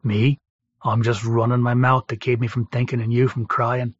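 A man reads a gruff, seasoned prisoner who talks bluntly and jokes grimly. His voice sits at a middling pitch in a dry, dull-sounding recording, close and plain. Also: little pitch movement, moderate pace, no room sound, lightly acted. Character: gruff seasoned male sailor-prisoner, talkative and wry.

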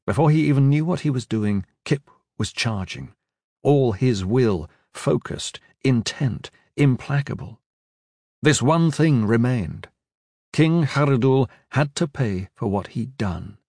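A man's voice: medium pitch, lively intonation, takes it slowly, a little mellow, dry recording, studio quality. A man giving an intense, dramatic fantasy audiobook narration with shifting emphasis.

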